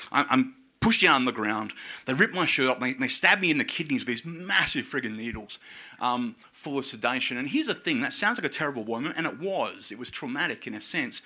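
A man's voice: a little high, sharp tone. A man telling a personal story in a casual, profane, self-mocking way.

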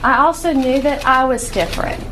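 A woman legislator giving a firm, deliberate statement at a press conference. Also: sits high. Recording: press conference clip with background noise.

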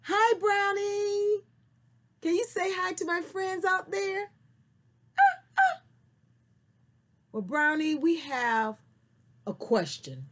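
A woman telling a story to children, slow and very expressive, then talking to her young viewers. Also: very high-pitched. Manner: slow, sing-song and very expressive.

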